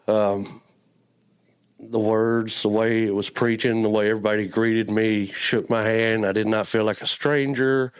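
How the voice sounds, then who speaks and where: A man with a drawl shares his faith story in an earnest, halting way, often stumbling over and repeating his words. His voice sits fairly low and he sounds close to tears. It is heartfelt testimony, told as an interview guest. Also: clear, resonant tone. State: emotional, near tears. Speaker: church member guest.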